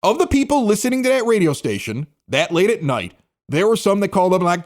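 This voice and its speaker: A man in his forties from Chicago's South Side tells a story on his podcast. His voice sits a little high and swings widely up and down as he talks. He sounds candid and self-critical. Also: animated, quick pace. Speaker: podcast host, former radio DJ. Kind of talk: casual storytelling commentary.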